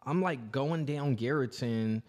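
A man co-hosting a podcast, telling profane, animated stories in casual chat. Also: medium pitch, unhurried. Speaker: podcast co-host.

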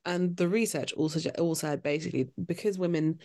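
Candid woman, gravelly voice. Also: fairly low pitch, brisk. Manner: candid, animated storytelling with restarts. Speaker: guest. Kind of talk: casual podcast chat.

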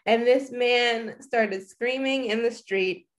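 A woman in her thirties with a fairly high voice tells a personal story in casual conversation. Her delivery is reflective and halting, with sentences often restarted. She sounds like a guest sharing a memory.

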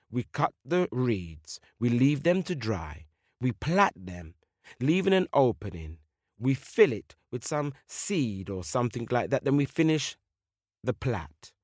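A man voicing gentle, practical village women who explain something step by step in a children's story. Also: mid-range voice, no room sound, studio quality.

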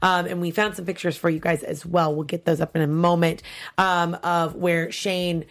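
A woman co-hosts a relaxed talk show about a TV series, sitting a little low in her range. She gushes and chats along easily, with plenty of ums. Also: moderate pace. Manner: chatty, gushing, many fillers. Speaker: podcast co-host. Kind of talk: casual chat about a TV show.

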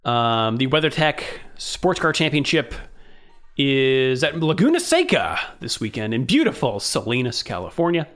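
A man's voice: mid-range voice, sing-song, moderate pace, fairly bright tone. A man co-hosting a podcast in casual chat, jokingly reading out race listings and stumbling over names. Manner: jokey, reads out race listings and fumbles names. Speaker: podcast co-host.

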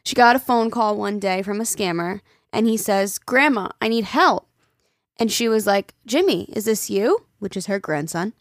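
A woman's voice: medium pitch, animated, normal speed, dry recording, clean studio sound. A woman co-hosting a casual podcast, reading listener emails aloud and chatting, swearing freely and laughing often. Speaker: podcast co-host.

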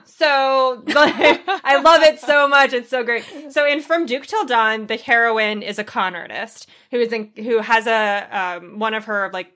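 A woman's voice: fairly high pitch, fairly bright tone. Woman co-host, casual, gushing, filler-heavy book chat. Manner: gushing, lots of fillers, laughs easily. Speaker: podcast co-host.

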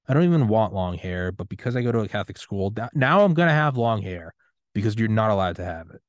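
A man's voice: on the low side, expressive, fast, dry recording, clean studio sound. A man in his thirties hosting a solo podcast rant, profane, defiant and impassioned. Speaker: podcast host.

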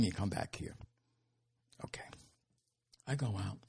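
An older man telling stories as an interview guest, animated and laughing, with casual swearing. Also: low-pitched, measured pace, vocal fry, slightly rough. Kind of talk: storytelling in an interview.

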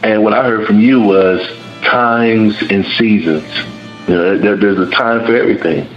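Low-voiced man in a roomy space. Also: moderate pace, muffled recording, soft background music. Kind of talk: panel discussion.

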